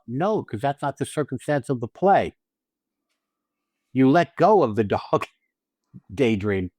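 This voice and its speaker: A man's voice: medium pitch, big pitch swings, takes it slowly, long pauses, darkish tone, dry recording. A man co-hosting a podcast on acting, explaining technique in casual chat, blunt and profane, stressing points and restarting phrases. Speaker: podcast co-host and acting teacher.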